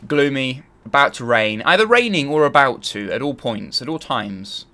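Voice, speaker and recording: A man's voice: medium pitch, expressive, normal speed, pushed and bright. A man hosting a let's play, thinking aloud and grumbling as he searches. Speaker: gaming channel host.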